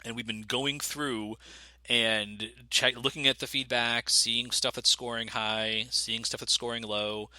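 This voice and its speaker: An American man with a very bright, forward voice chats casually as a guest game designer. He rambles along with restarts and fillers. The sound is dry and close, with no room around it. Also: mid-range voice, measured pace, clear, resonant tone, dry recording. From United States. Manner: rambling with many restarts, lively when excited. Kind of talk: casual interview.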